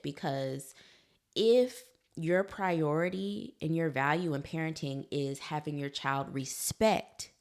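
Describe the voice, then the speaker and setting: A woman, hosting a solo parenting podcast in a conversational way, laughing easily and talking to her listeners directly. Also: deep voice. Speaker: podcast host, psychologist.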